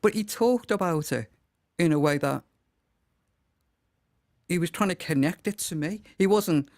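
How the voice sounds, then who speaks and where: A man's voice: a little high, a little slow, a little mellow, no room sound, studio quality. A middle-aged man from Liverpool with a Liverpool accent, a pastor telling his story in a casual chat and acting out what people said. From Liverpool, England. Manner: vivid storyteller, acts out quotes. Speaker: pastor, guest.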